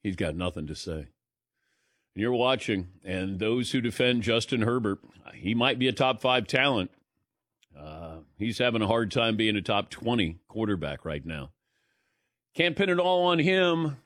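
A man hosting a sports talk radio show, running through the weekend's results in a brisk, wry rundown. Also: medium pitch, animated, fairly bright tone, no room sound, studio quality.

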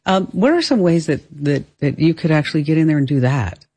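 A woman's voice: low voice, big pitch swings, brisk, mellow, breathy edge. A woman with a New Jersey accent hosting a radio talk show, upbeat and laughing easily as she reads ads and chats with guests. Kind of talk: casual chat with ad reads.

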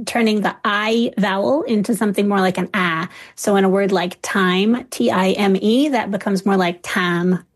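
A woman linguist speaks as a radio guest, explaining ideas clearly and at an even pace. Her voice sits mid-range for a woman. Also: medium pitch. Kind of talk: explanatory interview talk.

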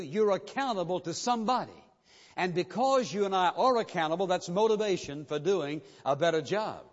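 A man with a notably high voice delivers an insistent, emphatic sermon, hammering his points home with repetition. His words ring out through a church sanctuary with a long reverb tail. The recording itself is dull and muffled. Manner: emphatic, insistent preaching with repeated phrases. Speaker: pastor.

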